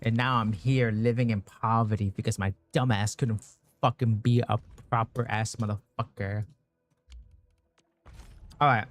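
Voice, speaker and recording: A man streaming a game, chatting casually with his viewers, swearing constantly and getting excited over his pulls. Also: lowish voice, a little slow, long pauses, no room sound. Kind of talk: casual gaming stream chat.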